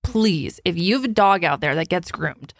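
A young woman co-hosting a podcast, telling stories in animated casual chat and swearing freely. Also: lowish voice, moderate pace, no echo, studio quality. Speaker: podcast co-host.

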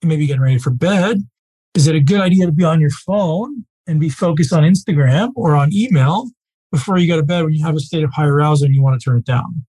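A man teaching a live group as a coach, speaking casually and emphatically, often checking in with a quick "right?". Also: on the high side, mellow, husky, rough recording.

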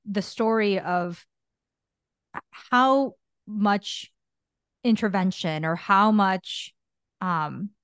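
A woman co-hosting a podcast, talking in an empathetic, expressive, conversational way. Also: medium pitch, very slow, long pauses, clear, resonant tone, no room sound, studio quality. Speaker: podcast co-host.

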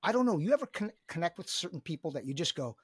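A man's voice: fairly high pitch, very animated, quick pace, breathy edge, no echo, studio quality. A middle-aged man, a business coach talking as a podcast guest, enthusiastic and emphatic, often repeating his words. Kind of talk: energetic podcast conversation.

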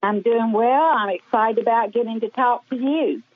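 A middle-aged woman with a Southern US accent, calling in to a radio show, earnest and laughing softly. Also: on the high side, moderate pace, no echo. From Birmingham, Alabama. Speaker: caller. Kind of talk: phone call to a radio show. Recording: tinny phone line.

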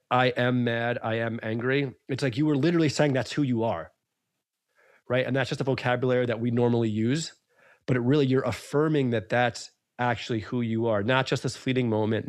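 A man's voice: medium pitch, dry recording, clean studio sound. A man hosting a podcast, talking in an earnest, emphatic way and circling back over his points. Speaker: podcast host. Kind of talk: casual podcast conversation.

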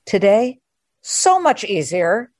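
A woman hosting a podcast interview, chatty and playful with quick asides. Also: mid-range voice, big pitch swings, darkish tone, no echo, studio quality. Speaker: podcast host. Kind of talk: casual interview chat.

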